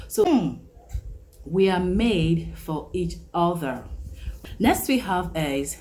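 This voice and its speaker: A woman teaching an English vocabulary lesson, repeating each phrase slowly and with emphasis. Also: fairly low pitch, animated, warm tone, a little hiss or hum, poor audio.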